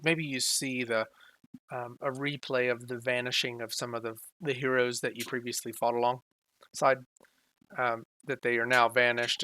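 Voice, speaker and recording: A man's voice: medium pitch, sharp tone. A man acting as game master, describing scenes in a hesitant, filler-heavy way. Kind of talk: running a tabletop game.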